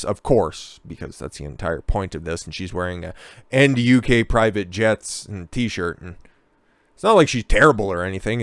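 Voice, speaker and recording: Male commentary host, low and resonant, profane and sarcastic ranting. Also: no room sound.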